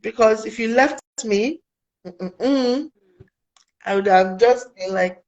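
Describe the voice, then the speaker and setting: A woman's voice: mid-range voice, unhurried, muffled recording. Earnest young woman from Africa. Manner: earnest, animated, quotes people in dialogue. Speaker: guest. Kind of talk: casual personal storytelling.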